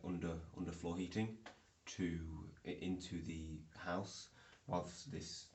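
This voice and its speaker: A man's voice: sits low, darkish tone. A young man rambling through a casual vlog, full of ums and restarts, recorded indoors. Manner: rambling, filler-heavy storytelling. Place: indoor room. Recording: echoey room.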